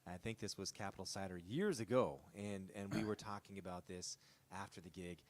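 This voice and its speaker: A man's voice: low-pitched, fairly quick. A man hosting a casual music interview, speaking directly to his viewers. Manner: animated, addresses viewers directly.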